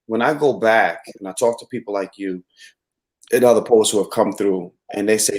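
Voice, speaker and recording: A man's voice: fairly low pitch, normal speed, darkish tone. A man hosts a casual conversation, reflective and earnest. He often restarts his sentences as he gathers his thoughts. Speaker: host and venue owner. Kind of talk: casual chat.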